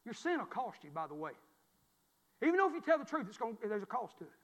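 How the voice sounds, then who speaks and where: A man in his forties preaches in a high, sharp voice. He tells a folksy story as a sermon, swinging from loud to hushed. The sound carries a long echo from the church hall. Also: very animated, fast.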